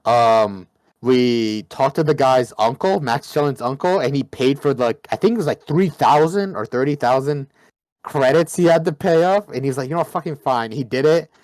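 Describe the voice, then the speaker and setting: A man's voice: medium pitch, moderate pace, a little mellow, no echo. A man who plays in the game, giving a casual, rambling recap of the last session with lots of restarts. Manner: rambling, full of likes and restarts. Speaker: player.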